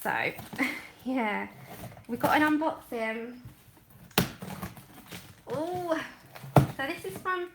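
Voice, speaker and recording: A woman hosting a casual colouring livestream, gushing and excitable, laughing often and trailing off mid-sentence, heard from a camera set back from her desk. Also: high-pitched, drawn-out words, long pauses, noisy background. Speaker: colouring channel host. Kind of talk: casual livestream chat while unboxing.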